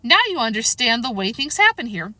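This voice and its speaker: A woman reading aloud gives a muddled storybook queen who talks in a lofty, fussy way and can tip into shrill shrieks. The voice sits raised and bright with wide swings in pitch, heard dry and close. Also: very animated, fairly quick, no room sound, heavily acted. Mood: fussing. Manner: flustered, lofty, given to shrill screams. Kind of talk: audiobook character reading.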